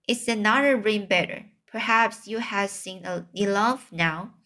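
Kindly old giant, slow, mid-pitched, mangled grammar, read by a woman. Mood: gentle. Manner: slow, gentle, jumbled grammar.

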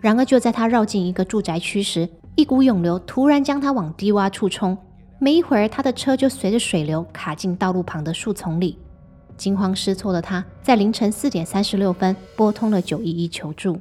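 Calm woman narrator over music. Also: medium pitch, brisk. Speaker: storytelling host. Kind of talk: scripted narration.

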